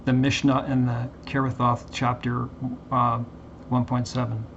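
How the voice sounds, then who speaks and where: Man, mid pitch, flat and halting, reads aloud and comments; muffled lo-fi recording with light hiss. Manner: halting, reads haltingly with many fillers and restarts. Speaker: Bible commentary vlogger. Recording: dull lo-fi recording with faint background hiss.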